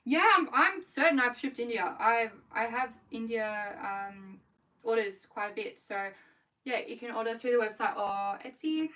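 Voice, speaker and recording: A woman's voice: on the high side, pushed and bright, recorded from a distance, rough recording. Chatty Australian woman, a bit off-mic. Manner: chatty, quick, self-correcting while working. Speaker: small business owner livestreaming. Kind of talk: casual livestream chat.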